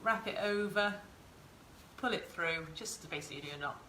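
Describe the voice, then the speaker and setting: A woman's voice: fairly low pitch, moderate pace, bright, forceful tone, a little hiss or hum. A woman tutor giving a chatty live sewing demonstration and talking to her viewers. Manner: chatty, encouraging, talks to viewers in chat. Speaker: craft tutor. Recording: roomy echo, faint ambience.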